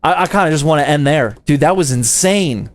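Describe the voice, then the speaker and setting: A young man from the United States streams a PC build, his voice sitting a little high for a man. He keeps it slangy and playful, throwing "dude" and "man" at his chat as he works. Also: expressive, a little fast, a little hiss or hum. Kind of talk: casual livestream chat while building a PC.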